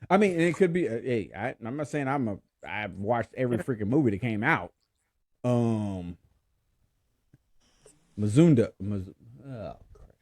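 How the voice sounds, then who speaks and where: A man's voice: medium pitch, expressive, unhurried, long pauses, a little mellow, no echo. A man hosting a podcast in casual chat, laughing often and stumbling over his words. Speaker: podcast host.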